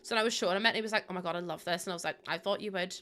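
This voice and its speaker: A woman's voice: fairly low pitch, rapid-fire, bright, forceful tone, soft background music. A woman with a Northern Irish accent, chatting casually to her viewers while building in a game, laughing often. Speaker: streamer.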